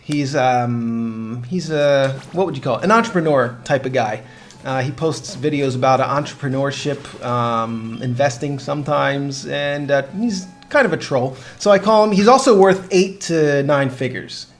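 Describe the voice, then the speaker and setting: A man's voice: mid-range voice, moderate pace, soft background music. A young man chatting casually on a gaming show, telling a long dream story with laughs and restarts. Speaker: co-host of a game podcast.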